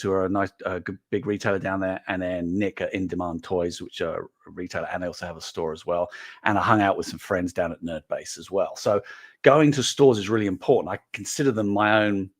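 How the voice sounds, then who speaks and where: Host role for a chatty man, lowish voice, animated storyteller. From England. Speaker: toy collecting show host. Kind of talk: casual monologue to camera.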